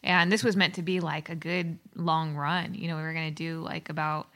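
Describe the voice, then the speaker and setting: A woman with a low voice and a bright, forceful tone, answering podcast questions as a guest. She rambles and fills her speech with fillers. Her talk is loose and casual. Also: little pitch movement, normal speed. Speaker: guest musician.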